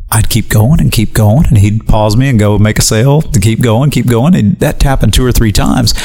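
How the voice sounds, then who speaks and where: A man's voice: mid-range voice, creaky, husky. A man, a guest on a radio program, telling a personal story and acting out what people said. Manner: animated storyteller, acts out quotes. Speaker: guest evangelist. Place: radio studio.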